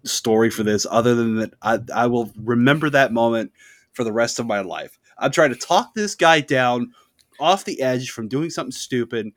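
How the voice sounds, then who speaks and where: A man co-hosting a podcast in casual chat, wry and blunt, quick with interjections. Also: mid-range voice, dry recording, studio quality. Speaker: podcast co-host.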